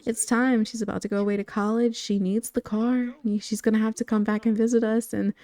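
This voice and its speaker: A woman's voice: fairly high pitch, fairly quick, lightly acted. Woman voicing an upbeat easygoing dad. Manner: relaxed, agreeable. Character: easygoing middle-aged father in high spirits.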